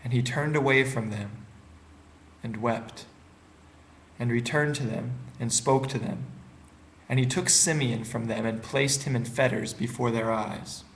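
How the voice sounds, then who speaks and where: A man giving a calm, steady, unhurried reading of scripture. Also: mid-range voice, a little hiss or hum. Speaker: scripture reader.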